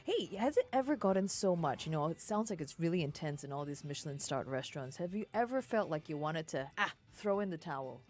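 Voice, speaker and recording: A woman's voice: low-pitched, sing-song, fairly quick, few pauses, a little mellow. A woman co-hosting a radio interview, chiming in with chatty questions. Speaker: radio co-host.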